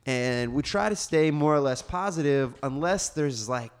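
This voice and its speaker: A man hosting a casual podcast, talkative, with quick asides and casual swearing. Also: mid-range voice, animated, clear, resonant tone. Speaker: podcast host. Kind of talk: casual chat.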